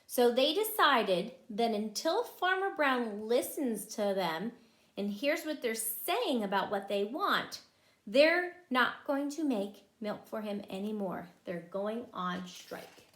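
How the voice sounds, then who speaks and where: A preschool teacher reading a picture book aloud to young children, her fairly high voice rising and falling with lively expression as she stops to ask them questions. She talks at an unhurried pace, and the sound carries a roomy echo. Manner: animated, asks the children questions.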